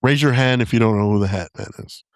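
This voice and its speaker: A man's voice: lowish voice, quick pace, no echo, clean studio sound. A young man from Southern California hosting a casual podcast, telling stories, laughing often and slipping into quoted voices. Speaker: podcast host.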